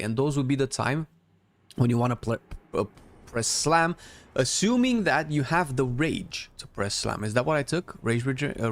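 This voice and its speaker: A man streaming a game, chatting casually with viewers and giving blunt opinions while thinking aloud with frequent restarts. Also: medium pitch. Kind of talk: casual live-stream commentary answering chat.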